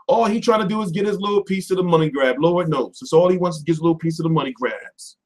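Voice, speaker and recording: A man hosting a boxing livestream from home, ranting off the cuff with lots of swearing, switching between loud outbursts and mumbled asides. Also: a little high, quick pace, hardly any pauses. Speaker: boxing commentary livestream host. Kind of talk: profane off-the-cuff rant.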